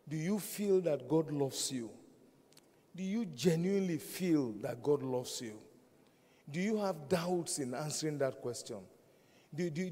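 A man in his fifties preaching a sermon, earnest and repetitive, building to loud emphatic peaks. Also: on the high side, big-room sound. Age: 50s. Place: large hall.

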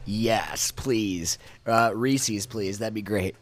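A man's voice: lowish voice, lively intonation, slow pace, a bit bright, a little hiss or hum. A man co-hosting a podcast, talking casually and rambling through the pain of eating very hot wings. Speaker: podcast co-host. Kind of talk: casual chat.

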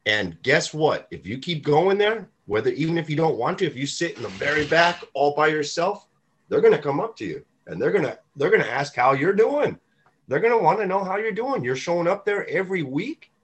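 Man, husky voice, lively swinging pitch, emphatic, casual podcast chat, occasional swearing. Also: a little fast. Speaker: podcast co-host. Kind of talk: casual recovery-group chat.

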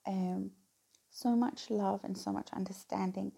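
Middle-aged woman, candid rambling vlogger, gravelly and mellow. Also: mid-range voice, fairly even intonation, a little slow. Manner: candid, rambling, laughs between phrases. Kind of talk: casual personal talk to viewers.

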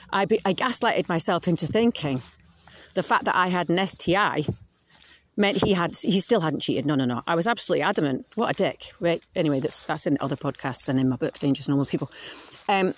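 A woman's voice: fairly low pitch, expressive, fairly quick. Blunt woman podcasting solo. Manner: blunt, frank, swears freely. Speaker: podcast host. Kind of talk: casual monologue.

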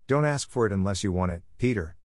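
A man voicing a mischievous young boy who is quick with innocent-sounding excuses. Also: lowish voice, animated, no room sound, studio quality. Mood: coaxing.

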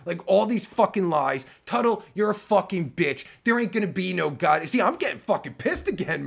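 A man's voice: sits high, lively intonation, normal speed, creaky, hardly any pauses, a bit bright, breathy edge. A man ranting angrily on a live stream, swearing constantly and restarting his sentences. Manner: profane, heated, stammering restarts. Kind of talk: angry rant on a live stream.

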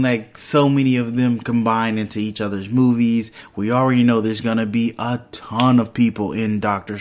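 Rambling male podcast host. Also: medium pitch. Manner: rambling, self-correcting, excitable. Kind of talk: casual solo podcast chat. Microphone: headphones and microphone.

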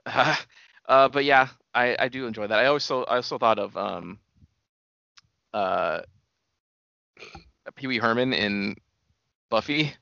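A man's voice: medium pitch, a little slow, vocal fry, long pauses, smooth, no echo. Podcast co-host, male, casual and rambling, dry close sound, slightly dull audio. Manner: animated, rambling, laughs often. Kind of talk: casual chat about movies.

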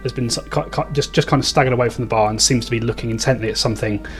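A man's voice: mid-range voice, fairly even intonation, rapid-fire, faint music behind. A man narrating a tabletop game as game master, describing scenes in a rambling way.

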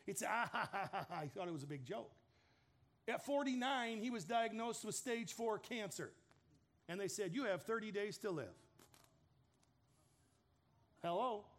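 A man in his fifties preaching a sermon, telling a story in an earnest, direct way. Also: high-pitched. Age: 50s. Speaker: pastor.

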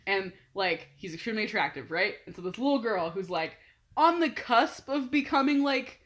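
A young woman chatting casually as a podcast co-host, excitable, swearing freely and laughing often. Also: mid-range voice, moderate pace. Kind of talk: casual chat, storytelling.

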